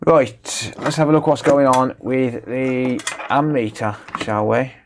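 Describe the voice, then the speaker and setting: A chatty man with a Black Country accent talks his way through an electronics repair on a live stream. His voice sits in an ordinary middle pitch, and he banters with his viewers and answers their chat. He speaks on wireless microphones at a workbench. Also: slow pace. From England, West Midlands (Dudley). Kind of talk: casual live-stream commentary while repairing. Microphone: rechargeable wireless microphones.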